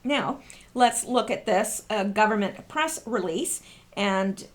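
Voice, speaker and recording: A woman's voice: medium pitch, lively intonation, slow. A woman hosting a casual commentary, explaining online posts and reading statements aloud with emphatic repetition. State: coughing, throat clearing. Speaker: political commentary host.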